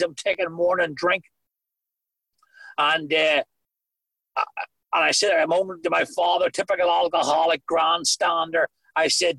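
A man's voice: high-pitched, steady tone, normal speed, fairly bright tone, no room sound, low-quality recording. A middle-aged man with a Northern Irish accent, giving earnest personal testimony with dry humor on a video call. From Northern Ireland. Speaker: recovery meeting speaker.

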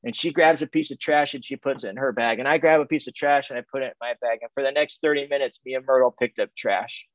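With a medium-pitched, steady voice and no echo, a middle-aged Californian man tells a recovery group about his own journey. He is frank but repetitive, stopping and restarting often; the sound is dry, muffled and dull.

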